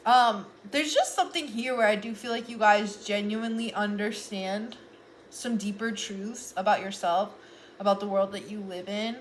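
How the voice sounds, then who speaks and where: A woman's voice: medium pitch, fairly even intonation, moderate pace, slight background noise. A young adult woman doing a casual tarot reading vlog, talking in an earnest, rambling way and often restarting her sentences. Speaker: tarot reader.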